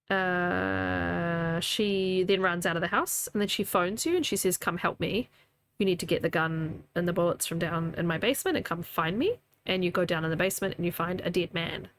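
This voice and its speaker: A woman's voice: lowish voice, slight background noise. A New Zealand woman in her thirties, her accent carrying a faint Scottish edge, talks her way through a game stream from home. She is chatty and loose, laughing often and answering her chat as she plays. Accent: New Zealand with a slight Scottish tinge. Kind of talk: casual gaming commentary. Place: home room.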